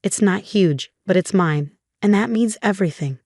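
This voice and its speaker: A woman narrating a first-person story in a steady, scripted reading. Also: medium pitch, moderate pace, no echo, studio quality.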